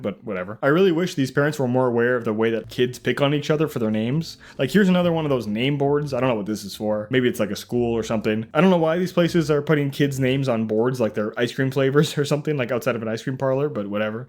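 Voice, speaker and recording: A young man hosting a comedy reaction video, reading items aloud and mocking them. His tone is sarcastic and incredulous, with frequent laughs and quick acted-out bits of dialogue. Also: medium pitch. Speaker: YouTube reaction host.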